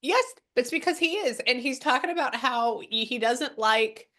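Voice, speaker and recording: A woman's voice: on the high side, normal speed, a bit bright. A woman working as a psychic medium, talking casually and rambling through a spirit reading, with the odd swear word.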